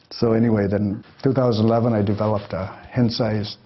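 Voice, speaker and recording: An older man telling life stories to an audience in a folksy, rambling way that keeps breaking into chuckles. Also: fairly low pitch. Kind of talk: storytelling talk. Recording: dull lo-fi lecture recording.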